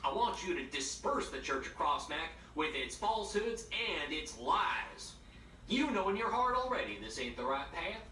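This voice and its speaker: A man playing a smug, rambling backwoods preacher, with a put-on drawl and deadpan insults. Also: a little high, moderate pace, slight background noise, voice pushed up. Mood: mock-solemn. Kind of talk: comedy sketch monologue to camera. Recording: roomy echo, slightly distant mic.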